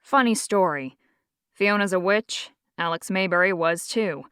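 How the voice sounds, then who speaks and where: A steady, firm male demon hunter, as a woman narrator voices him in an audiobook. He speaks in a calm, lowered, quiet tone. The recording is close and dry, with no room sound. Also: unhurried, clean tone, no echo. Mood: wry. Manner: firm, calm, low-key.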